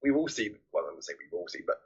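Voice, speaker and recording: Animated man on a lo-fi mic. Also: sits low, very fast, breathy edge. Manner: animated, laughs often, acts out quotes. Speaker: podcast co-host. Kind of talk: casual film discussion. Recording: dull lo-fi mic.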